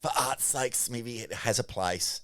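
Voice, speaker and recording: A man co-hosting a podcast, talking in animated, sweary casual chat with halting restarts. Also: mid-range voice, no echo, studio quality. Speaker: podcast co-host.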